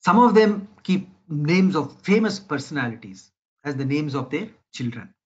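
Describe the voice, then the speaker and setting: A man's voice: fairly high pitch, sing-song, normal speed, a little mellow, highs cut off. A man giving a lecture in a conversational way, often checking in with his listeners. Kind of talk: spoken lecture.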